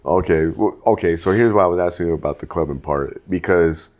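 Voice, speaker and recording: A man's voice: sits low, a little fast. A young man co-hosting a podcast, telling a story in casual chat, swearing often and acting out what people said. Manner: profane, animated storytelling with acted-out quotes. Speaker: podcast co-host.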